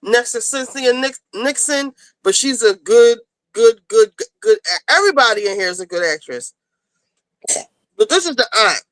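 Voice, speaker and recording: A woman's voice: a little high, animated, normal speed, a bit bright, dry recording, low-quality recording. A woman hosting a casual talk show, rambling as she retells a TV episode and acts out the characters' lines. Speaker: podcast host.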